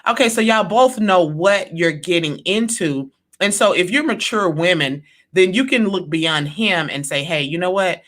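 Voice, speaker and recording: Bright-voiced woman chatting emphatically. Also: on the low side, unhurried, few pauses. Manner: animated, emphatic, acts out quoted voices. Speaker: podcast co-host. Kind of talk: casual chat.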